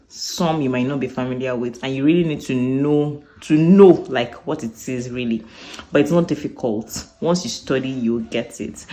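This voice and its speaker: A woman's voice: rumbling low, dark tone. Chatty Nigerian woman vlogging on the street. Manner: chatty, thinking aloud. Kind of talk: casual vlog to camera. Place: outdoors on a busy street, later at home. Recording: street traffic noise behind.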